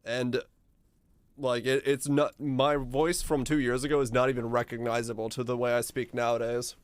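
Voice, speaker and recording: A male streamer chatting casually with his viewers in a relaxed, rambling way, his deep voice supported from the diaphragm. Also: normal speed, clean tone. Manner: rambling and relaxed, with frequent restarts.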